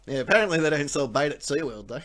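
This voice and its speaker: A man's voice: a little high, animated, quick pace, background noise. A man with an Australian accent hosting a live show, joking crudely and laughing often. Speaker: host. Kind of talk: casual comedic live-stream banter.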